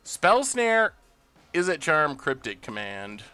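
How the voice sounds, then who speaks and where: A man hosting a live game stream, thinking out loud about his plays and bursting into loud cheers when things go his way. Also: on the high side, huge pitch swings, slow, smooth, dry recording, faint music behind. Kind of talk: live gameplay commentary.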